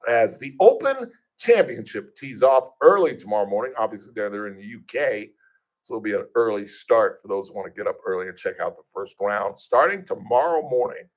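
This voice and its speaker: A man hosting a radio talk show, telling stories casually and animatedly, acting out the voices of people he quotes. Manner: animated, acts out quoted voices with big pitch jumps.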